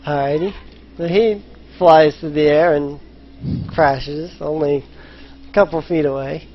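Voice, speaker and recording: A man narrating a tabletop game as dungeon master, unhurried and using fillers, on a muffled recording. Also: fairly high pitch, steady tone. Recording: lo-fi voice chat with faint noise.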